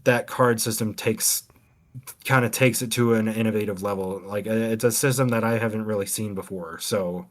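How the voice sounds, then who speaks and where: A man's voice: on the low side, fairly even intonation, normal speed. A man in casual chat on a gaming podcast, explaining a game demo, rambling with many restarts and fillers. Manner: rambling, hesitant, full of ums and restarts. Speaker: podcast co-host reviewing game demos.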